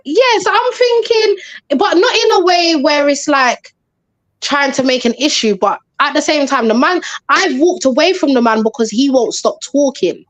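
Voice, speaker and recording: Woman, high voice, animated storyteller, dry close sound. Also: normal speed, no echo. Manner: animated, acts out quotes, chatty slang. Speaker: panel guest. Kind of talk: casual storytelling on a live panel.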